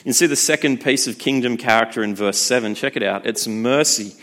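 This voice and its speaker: Man preaching, casual and lively, mid-pitched voice. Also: fairly quick, hardly any pauses. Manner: conversational, lively, acts out voices. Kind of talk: sermon.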